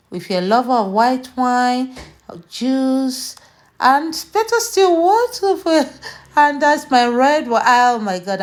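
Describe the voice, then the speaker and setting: A woman from Nigeria hosting a cooking vlog, chatty and unhurried, walking viewers through her dish. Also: mid-range voice. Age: adult, mother. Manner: slow, chatty, tastes food on camera and laughs. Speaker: cooking channel host. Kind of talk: casual cooking vlog narration.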